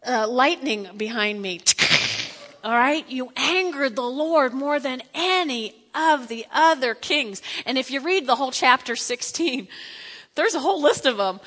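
A woman's voice: high voice, animated, measured pace, fairly bright tone, long reverb tail. A woman teaching a Bible lesson in a chatty, playful way, with asides to her listeners.

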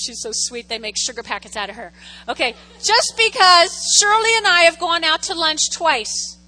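Woman pastor, middle-aged, teasing sermon, bright tense voice, light hum underneath. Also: sits high, long reverb tail, poor audio. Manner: lively, teasing, talks straight to the congregation.

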